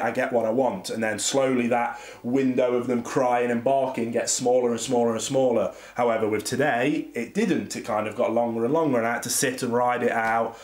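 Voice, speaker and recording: A man, a dog trainer, rambling candidly and venting frustration in a casual vlog, recorded in his home office on a camera across the room. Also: mid-range voice. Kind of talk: casual reflective vlog monologue. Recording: roomy echo.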